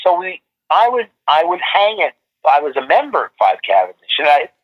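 A man's voice: fairly high pitch, wildly swooping pitch, normal speed. A man, a photographer guest, telling long stories in a casual interview, rambling with many restarts and fillers, heard over a remote call. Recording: muffled lo-fi line.

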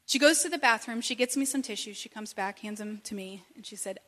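A woman in her thirties telling a personal story in an animated, conversational way, with many asides. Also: medium pitch, brisk. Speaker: speaker sharing a personal testimony. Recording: long reverb from a hall.

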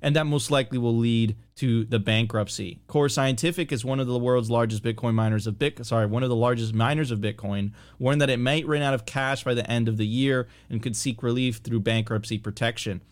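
A man's voice: medium pitch, steady tone, fairly quick, hardly any pauses. A man co-hosting a casual finance chat, reading news aloud and laughing in disbelief. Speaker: co-host.

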